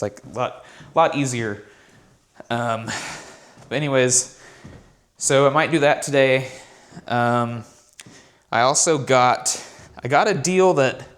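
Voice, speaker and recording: A man's voice: mid-range voice, a bit bright. A man talking casually in a vlog, telling a rambling story about his work from home. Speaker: vlogger and content creator.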